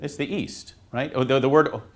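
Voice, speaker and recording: A man, a priest, teaching students in a classroom in a casual, halting way, with many fillers and restarts. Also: mid-range voice, steady tone. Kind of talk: informal classroom talk.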